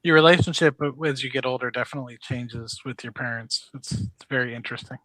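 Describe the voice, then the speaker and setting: Bright-voiced man, measured and dry. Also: medium pitch, dry recording, poor audio. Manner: measured, with many fillers. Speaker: stream host. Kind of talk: casual chat.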